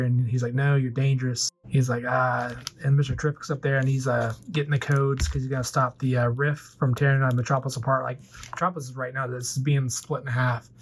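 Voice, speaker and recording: Rambling middle-aged man retelling a film. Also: mid-range voice. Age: 40s. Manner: rambling, filler-heavy, casually does quick voices for characters. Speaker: toy collector vlogger. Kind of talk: casual retelling of a movie with toys.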